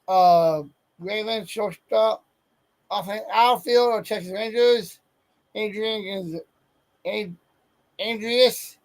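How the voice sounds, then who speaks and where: A man's voice: high-pitched, gravelly, poor audio. A man hosting a casual sports talk show, reading off a list of names and often stumbling and correcting himself. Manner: stumbles over player names, self-correcting. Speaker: sports podcast host.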